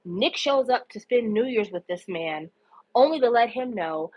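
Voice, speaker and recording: A woman's voice: a little high, moderate pace, breathy edge, highs cut off. Indignant, swearing woman retelling a show. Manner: animated, indignant, swears freely, acts out quotes. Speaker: podcast host recapping a show. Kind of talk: casual profane storytelling recap.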